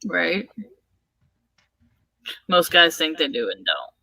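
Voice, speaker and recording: Slow-talking woman a bit off-mic. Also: deep voice, creaky, slightly rough, no room sound, far from the mic. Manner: relaxed, reads out chat updates encouragingly. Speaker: host of a writing livestream. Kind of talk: casual chat.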